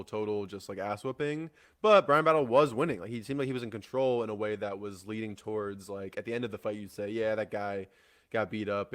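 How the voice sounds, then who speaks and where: A man's voice: on the low side, smooth. A man hosting a solo fight-news show, rambling in a casual way with lots of fillers, restarts and swearing. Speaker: MMA podcast host.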